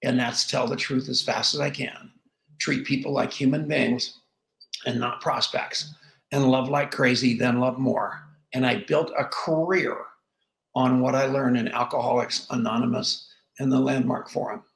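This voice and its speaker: A middle-aged man as a guest in an interview, telling his story with animated energy and acting out the dialogue. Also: medium pitch, vocal fry. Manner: animated, acts out dialogue with quick voice shifts. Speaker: podcast guest. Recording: roomy echo.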